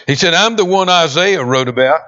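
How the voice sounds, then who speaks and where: A man preaching a sermon, expressive, with dramatic pauses and emphatic quoted lines. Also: fairly high pitch. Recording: dull lo-fi sound.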